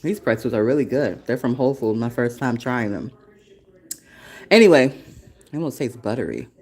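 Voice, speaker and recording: A woman's voice: very deep voice, animated, normal speed, darkish tone, slightly rough. A woman in her forties hosting a casual solo podcast from her desktop, rambling with frequent laughter and heavy cursing. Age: 40s. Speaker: podcast host and café founder. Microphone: desktop computer recording.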